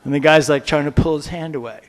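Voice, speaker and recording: A man giving a humorous storytelling lecture, playful and animated, drawing the audience in. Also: fairly high pitch, quick pace.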